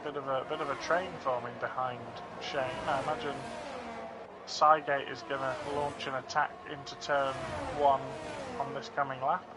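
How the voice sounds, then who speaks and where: A man giving live commentary on an online racing league, getting excitable at incidents on track. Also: medium pitch, moderate pace. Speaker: race commentator. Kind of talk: live esports race commentary. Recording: game engine noise loud behind. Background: loud racing car engine noise.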